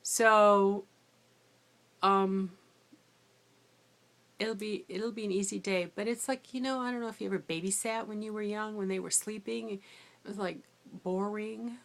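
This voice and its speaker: Middle-aged woman, tired after no sleep, vlogging a rambling story about substitute teaching in a chatty, mid-pitched voice. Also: measured pace, creaky, pauses often. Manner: chatty, rambling, animated when quoting herself. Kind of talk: casual storytelling vlog.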